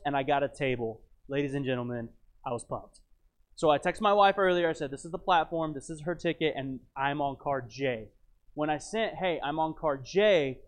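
Animated man telling a story. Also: fairly high pitch. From United States. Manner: animated, dramatic storyteller with wry asides. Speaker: speaker telling a travel story. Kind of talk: storytelling talk.

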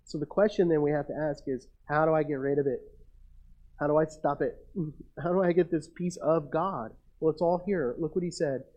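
A man's voice: a little high, moderate pace, a little mellow, dull audio. A man preaching a sermon as pastor, talking casually with the congregation and reading scripture aloud.

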